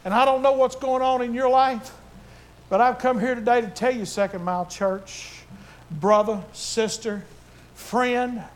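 A man's voice: extremely high pitch, fairly even intonation, a little slow. An older man preaching a sermon to his church, fervent and emotional in his delivery. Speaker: pastor.

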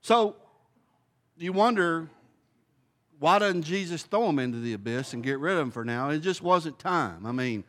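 A man's voice: fairly high pitch, animated, moderate pace, pauses often, fairly bright tone. A man teaching a Bible study in a folksy, conversational way, thinking aloud and posing questions to the group.

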